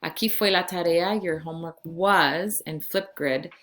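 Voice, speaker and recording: A woman in her forties from California, giving a recorded Spanish lesson to her class in slow, clear instructions. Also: lowish voice, fairly bright tone. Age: 40s. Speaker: Spanish teacher.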